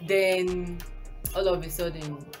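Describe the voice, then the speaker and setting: A young woman vlogger with a Nigerian accent tells a casual storytime in a lowish, fairly even voice at a slow pace. She rambles, corrects herself, and laughs often, with background music playing.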